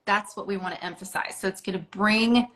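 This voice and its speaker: A woman's voice: medium pitch, fairly quick, a bit bright, low-quality recording. A woman teaching a makeup lesson, coaching step by step in an encouraging, hands-on way with casual filler words. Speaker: makeup instructor. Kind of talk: instructional makeup tutorial.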